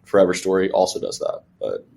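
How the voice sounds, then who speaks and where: A man's voice: low voice, sing-song, quick pace, creaky, a little mellow, a little hiss or hum. A young man co-hosting a music podcast in casual chat, rambling and acting out his own reactions. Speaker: podcast co-host.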